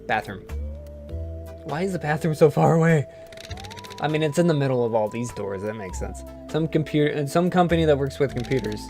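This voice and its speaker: A man's voice: on the high side, animated, fairly quick, darkish tone. A man voicing a hard-boiled ghost private detective, reading his lines in a dry, world-weary way over faint game music. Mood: wry.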